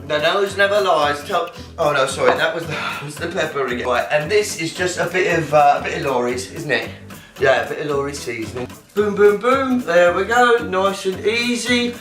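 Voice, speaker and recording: A rambling, silly English home cook, put on by a man in a fake English accent, chatting his way through a recipe. The sound is roomy and picked up from across the kitchen, with loud music playing behind. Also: fairly high pitch, moderate pace, recorded from a distance, close to an everyday voice. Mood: chatty. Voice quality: rambling, silly, self-talking. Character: chatty British alter ego of the man, cooking. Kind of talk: cooking demonstration in character.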